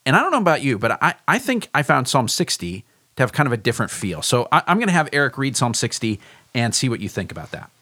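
A man's voice: mid-range voice, very animated, quick pace, pushed and bright, no echo, clean studio sound. A man, a pastor, leading a podcast bible discussion and explaining the background in an explanatory way with hesitant restarts.

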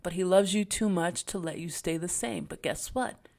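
A woman's voice: on the low side, normal speed, creaky, darkish tone. A woman hosting a faith podcast, talking in an earnest, encouraging way with casual slang. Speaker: podcast host.

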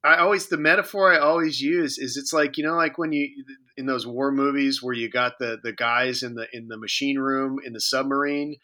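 Bright-voiced joking male co-host. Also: mid-range voice, fairly even intonation, a little fast. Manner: joking, rambling with many fillers and restarts. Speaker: podcast co-host. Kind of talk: casual chat.

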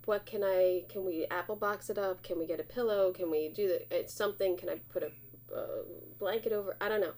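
A woman's voice: medium pitch, fairly quick. Chatty woman host, playful, acts out what people say, laughs a lot. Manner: lively, acts out quoted lines, laughs often. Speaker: podcast host, set decorator. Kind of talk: casual chat.

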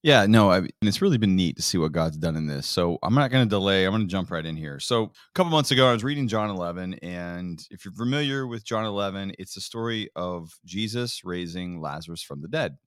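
A man's voice: sits low, brisk, hardly any pauses, no room sound, studio quality. A man co-hosting a faith podcast, casually retelling a Bible story and acting out the quotes. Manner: animated storyteller, acts out quotes. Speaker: podcast co-host.

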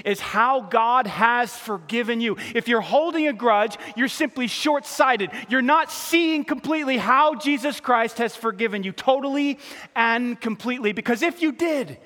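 High, bright-voiced man preaching in a hall. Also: normal speed. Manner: animated preaching, acting out quoted voices. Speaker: pastor. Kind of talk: sermon. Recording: long hall reverb.

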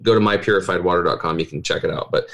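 A middle-aged man, a health coach, talking in a casual podcast interview with animated, persuasive storytelling. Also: low-pitched, racing, creaky.

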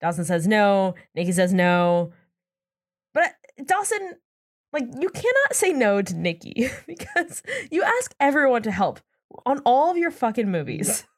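A woman's voice: on the high side, a little slow, dry recording, clean studio sound. A woman co-hosting a casual podcast, summarizing plot points with frequent laughter. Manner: giggly, animated, reads plot summaries. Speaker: podcast co-host. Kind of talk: casual recap chat.

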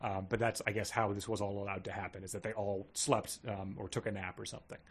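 A man co-hosting a casual podcast, retelling a book's plot and loudly acting out its quoted lines. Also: lowish voice, flat delivery, fast, husky. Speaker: podcast co-host. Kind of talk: casual chat retelling a book.

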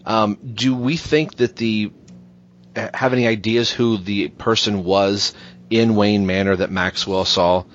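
A man with a low voice muses through ideas on a podcast, often restarting and posing questions. The sound is muffled and lo-fi. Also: fairly even intonation, measured pace, a little hiss or hum. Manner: thinking aloud, hesitant restarts. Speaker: podcast co-host. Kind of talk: casual podcast chat. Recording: dull lo-fi audio.

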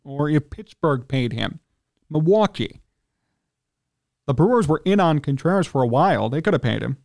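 A man hosting a sports talk radio show, ranting indignantly in a heated monologue and often clearing his throat. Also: fairly high pitch, a little mellow.

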